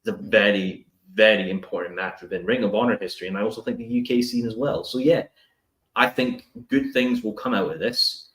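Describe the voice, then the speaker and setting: Opinionated low-voiced man in an echoey room. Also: brisk. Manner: animated, opinionated, lays out plans step by step. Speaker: podcast co-host. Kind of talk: casual podcast discussion.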